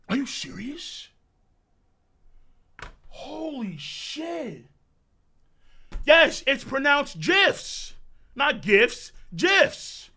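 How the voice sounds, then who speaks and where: A man streaming a live manga reaction, excitable and profane, breaking into shouts of amazement. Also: very high voice, gravelly.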